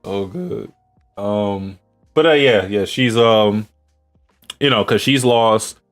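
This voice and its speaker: A male podcast host recaps episodes in a loose, rambling chat, his voice sitting a little low. Faint music runs underneath him. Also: slow. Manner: rambling, with many fillers, and laughs at his own jokes. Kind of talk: casual chat reviewing anime.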